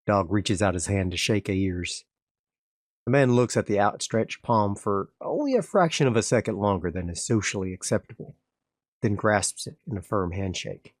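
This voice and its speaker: A man's voice: on the low side, measured pace, no echo, clean studio sound. A man playing a solo tabletop game, calling out his dice rolls step by step and narrating the story. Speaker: game master and solo player.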